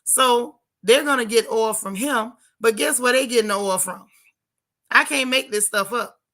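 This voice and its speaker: A woman hosting a livestream from her car, giving sassy, animated commentary and reading viewer chat aloud. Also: fairly high pitch, moderate pace. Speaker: livestream host. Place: in a car while driving.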